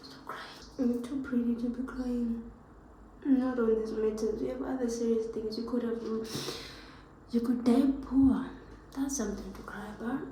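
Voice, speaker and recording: A tearful young woman murmurs hushed, urgent self-talk. Her whisper comes through thin and distant on a quiet recording, with a mellow tone and a faint hiss. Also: a little high, fairly even intonation, normal speed, very echoey.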